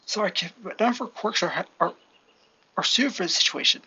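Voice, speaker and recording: A woman's voice: medium pitch, a little fast, sharp tone, husky, voice pushed up. A woman voicing a panicked adult male pro hero who speaks urgently. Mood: apologetic. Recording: lo-fi, faint hiss.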